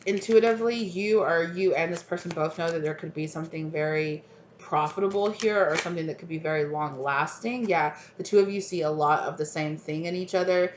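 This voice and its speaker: Low-voiced woman giving a rambling tarot reading. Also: brisk, a little hiss or hum. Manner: rambling, chatty, filler-heavy, laughs often. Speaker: tarot reader. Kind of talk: casual intuitive tarot reading. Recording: roomy, slightly dull sound.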